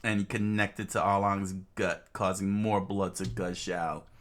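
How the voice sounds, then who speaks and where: A man casually reading a manga aloud, halting often with fillers and restarts. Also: low-pitched, level tone, a bit bright. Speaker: reader.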